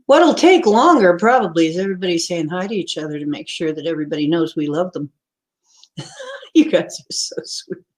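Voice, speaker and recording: A woman's voice: fairly low pitch, animated, a little fast, darkish tone. A woman hosting a live stream in a casual, rambling way, greeting viewers by name and chatting before a craft lesson. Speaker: livestream host.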